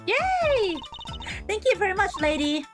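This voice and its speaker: A woman voicing a spunky, feisty little girl while reading a game's dialogue aloud, in a squeaky, shrill, insistent tone. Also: big pitch swings, measured pace, music in the background, exaggerated voice. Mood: cheerful. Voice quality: squeaky, childlike.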